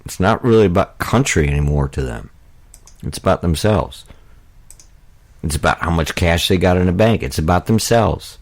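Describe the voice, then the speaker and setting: A man's voice: sits low, moderate pace. An American man hosting a political talk radio show, speaking in a rambling, indignant way with many fillers and restarts.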